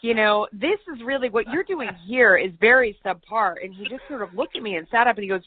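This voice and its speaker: A woman's voice: a little high, expressive, fast talker, hardly any pauses. Woman telling stories over a tinny line. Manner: chatty, self-deprecating anecdotes. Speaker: TV news host, interview guest. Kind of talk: conversational storytelling. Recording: tinny phone-like line, dry.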